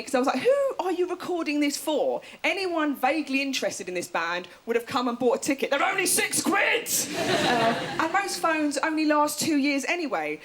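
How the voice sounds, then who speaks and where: A woman's voice: high voice, fairly bright tone. A woman in her thirties doing a chatty, self-mocking stand-up comedy set on a TV studio stage. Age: 30s.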